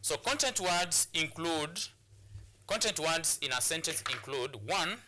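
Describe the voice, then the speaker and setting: A man's voice: a little high, animated, measured pace, sharp tone. A man with a Kenyan English accent teaching a lesson on word and sentence stress, repeating words and restarting phrases as he explains. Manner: repetitive, restarts phrases, drills words aloud. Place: studio or classroom for educational broadcast.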